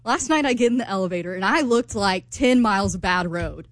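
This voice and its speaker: A woman's voice: medium pitch, expressive, fairly quick, no room sound. A woman in her late twenties, a regular on a morning radio show, telling a personal story in a chatty, laughing way. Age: 20s.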